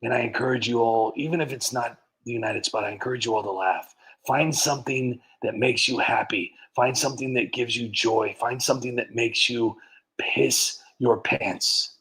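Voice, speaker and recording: A man with a medium-pitched, somewhat bright voice speaks at a moderate pace in poor-quality audio. He's hosting a casual livestream, a bit tipsy from wine, rambling and joking as he reads out viewers' names and laughing often.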